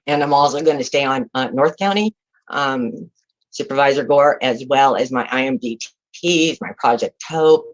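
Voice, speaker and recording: A woman's voice: very deep voice, normal speed, rough recording. A woman in her sixties from California, a retiring public defender giving heartfelt, emotional farewell remarks over a video call, close to tears.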